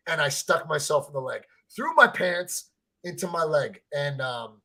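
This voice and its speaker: A man with a husky, slightly high voice speaks unhurriedly during a live fan reaction stream. His storytelling is excited and rambling, and he trips over repeated words and swears freely.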